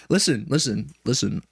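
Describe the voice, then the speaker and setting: A man talks through a reaction video in casual, rambling commentary, swearing freely and drifting into self-mocking asides. His voice sits in an ordinary middle pitch, and the recording is dry and close, with no room echo. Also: expressive, slow pace, gravelly, slightly rough. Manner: rambling, profane, laughing asides. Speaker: commentary streamer.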